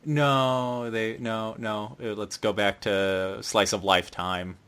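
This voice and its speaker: A man hosting a casual podcast, teasing his co-hosts and telling stories in an animated way. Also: on the low side, slow. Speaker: podcast host.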